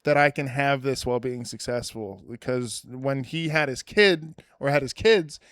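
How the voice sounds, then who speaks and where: A young man hosts a podcast, chatting casually and rambling in a self-deprecating way with lots of restarts. His mid-range voice is a bit bright and moves at normal speed. The studio sound is clean, with no echo.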